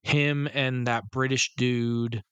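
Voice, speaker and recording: A man's voice: medium pitch, level tone, slow, smooth, dry recording, muffled recording. A man co-hosting a film podcast in casual chat, from Canada, rambling and swearing, often trailing off mid-thought. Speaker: podcast co-host.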